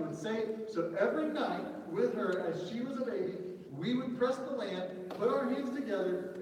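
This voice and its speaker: A Southern man in his thirties preaches in a high, bright voice, his words echoing through a large hall. He sounds distant from the microphone, keeps a relaxed, conversational tone, and often checks in with the room. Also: a little hiss or hum. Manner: conversational, repeats "right?" as a check-in. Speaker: pastor. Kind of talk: sermon. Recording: echoey hall, mic far off.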